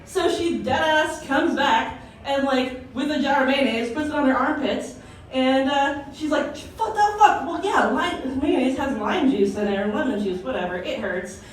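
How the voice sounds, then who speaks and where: Young woman, stand-up comic, crude chatty delivery, slightly high voice, very echoey room, distant mic. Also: moderate pace. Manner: chatty and crude, heavy with "like" fillers. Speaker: stand-up comedian. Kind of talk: stand-up set at an open mic. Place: comedy club stage, indoors.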